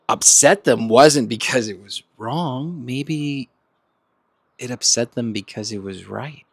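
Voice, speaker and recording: A man hosting a self-help podcast in a casual monologue, animated and laughing often as he acts out quoted friends. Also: medium pitch, dry recording. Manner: laughs often between points. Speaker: podcast host.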